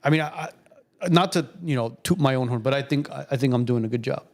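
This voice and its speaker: A man's voice: medium pitch, quick pace. A man in his late thirties, co-hosting a podcast and telling stories in a chatty way with many restarts. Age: 30s. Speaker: podcast co-host. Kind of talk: casual chat.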